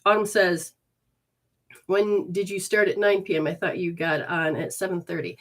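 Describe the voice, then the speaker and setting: A woman's voice: on the low side, moderate pace. A woman from Michigan hosting a livestream from her living room, giving an informal spiritual teaching and reading viewer comments aloud. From Michigan, USA. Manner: expressive, reads viewer comments aloud warmly.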